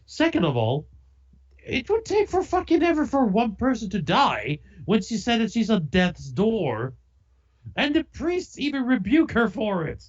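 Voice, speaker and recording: A podcast co-host talks in casual chat, rambling and swearing with exasperation. The pitch swings widely from phrase to phrase. The audio sounds slightly dull and lo-fi. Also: sing-song, measured pace.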